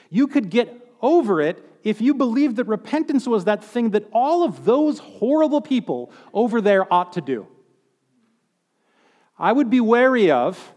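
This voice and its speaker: Male preacher, high voice, chatty sermon with wry asides; long hall reverb. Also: a little mellow. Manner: conversational, with joking asides.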